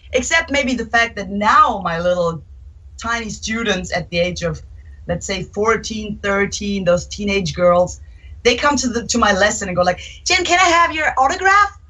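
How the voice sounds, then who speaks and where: A woman's voice: mid-range voice, normal speed, rough recording. A young adult woman, a guitarist, answering interview questions in a chatty way, acting out quotes from fans as she tells stories. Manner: chatty, animated storytelling with acted-out quotes.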